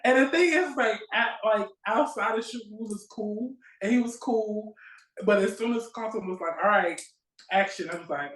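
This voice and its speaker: A woman guest on an interview show, telling stories in a casual, lively way and acting out the exchanges she remembers. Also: mid-range voice, moderate pace, roomy sound, rough recording. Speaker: guest actress. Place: at home near a railway line.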